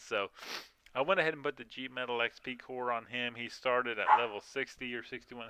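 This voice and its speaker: A man's voice: mid-range voice, normal speed, sharp tone, clear, resonant tone, no room sound. A man streaming a mobile game from home, chatting casually with viewers, rambling with lots of fillers and yawns. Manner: rambling, frequent yawning and filler words. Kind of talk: casual live-stream chat. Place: home room.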